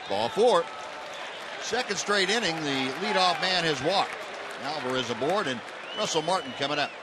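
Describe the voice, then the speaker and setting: Guy doing baseball play by play, pitch bouncing around, loud crowd behind him. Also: moderate pace. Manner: relaxed, conversational calls with frequent fillers. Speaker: play-by-play announcer. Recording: broadcast booth mic over stadium crowd noise. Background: ballpark crowd.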